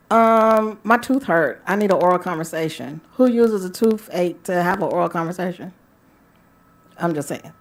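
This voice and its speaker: A woman radio host talks in a loose, playful way about love and desire. Her voice sits on the low side for a woman. She slips into breathy, sultry asides and then bounces back into teasing chat. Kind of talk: casual talk radio monologue.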